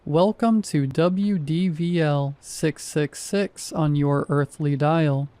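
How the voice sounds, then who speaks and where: A mocking, croaking demonic radio DJ, as a male narrator puts him on, drawling slowly from a horror story. His voice sits a little high and dark in tone. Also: fairly even intonation. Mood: sardonic. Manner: slow, croaking, mocking delivery.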